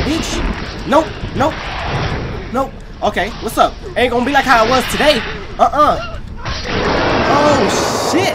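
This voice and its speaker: A high-voiced woman trash-talks and swears through a boss fight, her pitch jumping all over the place. She drags her words out slowly between bursts of taunting. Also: poor audio. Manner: profane trash-talking, excitable. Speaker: gaming YouTuber. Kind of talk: gameplay reaction commentary.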